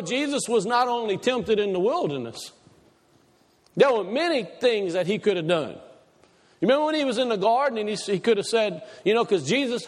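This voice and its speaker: Preacher, male, high voice, folksy Southern phrasing, engages the congregation, long hall reverb. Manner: asks the congregation questions. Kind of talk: sermon.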